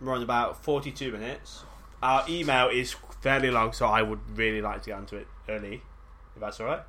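A man co-hosting a casual podcast, reacting to stories with quick dry quips. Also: mid-range voice, fairly even intonation, pushed and bright. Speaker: podcast co-host. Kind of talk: casual comedic podcast chat.

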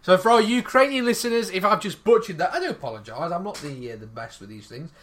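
A man's voice: sits high, lively intonation, quick pace, fairly bright tone. A man co-hosting a casual comedic podcast, reading odd news stories aloud and laughing through them.

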